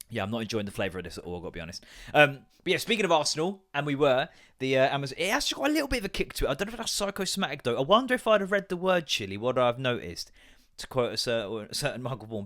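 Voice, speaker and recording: An English man in his thirties hosts a solo podcast in a loose, rambling way. He jumps between stories, swears freely and slips into put-on voices when he quotes people. His voice sits at an ordinary middle pitch. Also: big pitch swings, rapid-fire, a bit bright. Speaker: podcast host. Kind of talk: casual solo chat.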